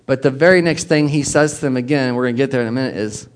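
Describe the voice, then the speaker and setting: A male pastor gives a conversational sermon, animated and at ease, posing questions to his listeners. His voice is mid-range and he talks fast.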